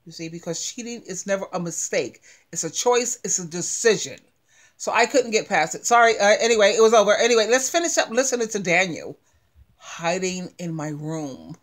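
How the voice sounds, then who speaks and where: A woman's voice: mid-range voice, expressive, brisk. A middle-aged woman giving casual, emphatic commentary as a relationship advice vlogger, acting out sassy retorts. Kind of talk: casual commentary on a played clip.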